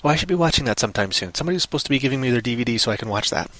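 A man's voice: mid-range voice, animated, rapid-fire, fairly bright tone, dry recording. A man hosting a casual comic book show, talking in a chatty, jumpy, playful way and throwing in sound effects. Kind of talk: casual live-stream chat.

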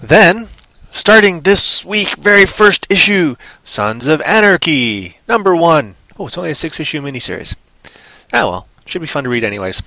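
A man's voice: mid-range voice, pushed and bright, dry recording. A man hosting a casual comic book show, talking in a chatty, jumpy, playful way and throwing in sound effects. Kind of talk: casual live-stream chat.

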